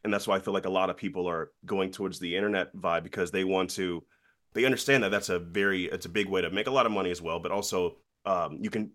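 Animated man telling a story, slightly low voice. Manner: lively, acts out quoted voices. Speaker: guest. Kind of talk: casual interview storytelling.

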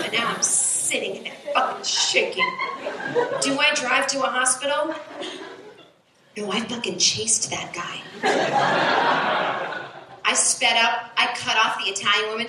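A woman in her forties doing a stand-up set on a club stage, talking in an animated way, swearing and rising to high shouts. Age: 40s. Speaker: stand-up comedian. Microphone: handheld stage mic into sound board. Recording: echoey club recorded off the sound board, noisy.

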